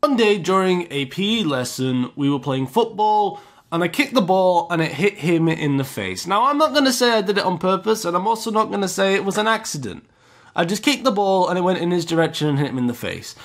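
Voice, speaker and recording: A man's voice: sits high, lively intonation, brisk. A young man telling a school story in a rambling, casual way as a YouTuber. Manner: rambling, chatty, many fillers.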